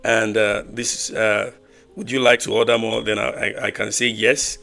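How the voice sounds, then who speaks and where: Male coding tutor, gravelly low voice, halting delivery full of fillers, faint music under it. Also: flat delivery, sharp tone. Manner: halting, repetitive, many fillers and restarts. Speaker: programming tutor. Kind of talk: screen-recorded coding walkthrough.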